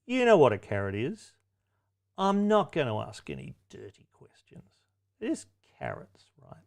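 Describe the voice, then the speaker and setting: A man's voice: mid-range voice, sing-song, normal speed, gravelly. A man hosting a pub quiz, reading out questions with wry, cheeky asides and chatty self-corrections. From Australia. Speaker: quiz host.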